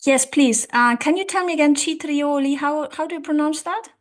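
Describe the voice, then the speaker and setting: A woman's voice: sits high, moderate pace. A woman hosting a casual language-learning tutorial, chatty and thinking aloud, with a light laugh. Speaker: language-learning video host. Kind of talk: casual tutorial talk to camera.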